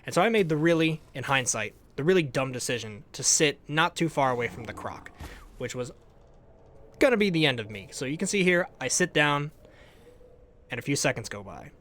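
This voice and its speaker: Animated young man recapping a game. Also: fairly high pitch, fairly quick. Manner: animated storytelling, laughs often, trailing off quieter at ends of phrases. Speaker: gaming YouTuber. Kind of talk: casual gameplay recap.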